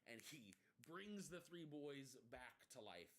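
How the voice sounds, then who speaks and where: Lively young man telling a story. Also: medium pitch, slow pace. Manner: animated retelling with put-on quoted voices and laughs. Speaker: podcast co-host. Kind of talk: casual storytelling chat.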